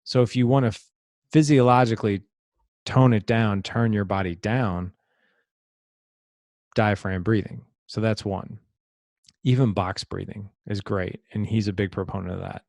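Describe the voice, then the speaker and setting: A man's voice: fairly low pitch, fairly even intonation, unhurried, gravelly, long pauses, darkish tone, no echo. A middle-aged man, a podcast guest, telling a personal story in an earnest, reflective way and sometimes repeating words as he thinks. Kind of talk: conversational storytelling.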